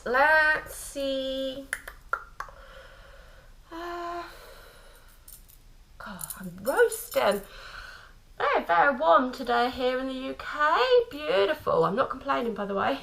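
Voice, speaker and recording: The speaker is a tarot card reader, a woman with a high-pitched, fairly bright voice, giving a chatty spiritual reading to camera in a low-quality recording. She's affectionate, laughs often, and repeatedly says "my lovelies" and "okay?"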